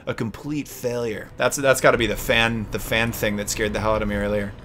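A man hosting a let's play, talking casually and excitably, yelling and swearing at the game. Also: lowish voice, fast, a little hiss or hum. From Canada. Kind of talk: casual gaming commentary.

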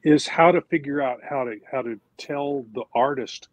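Man, veteran comics writer, husky, measured, dry close sound. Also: mid-range voice, no echo.

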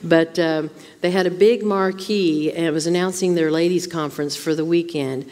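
A woman's voice: on the low side, fairly even intonation, moderate pace, a little mellow, long reverb tail. A woman Bible teacher speaking to a women's conference in an informal sermon style, often asking rhetorical questions. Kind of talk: conversational sermon. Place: church.

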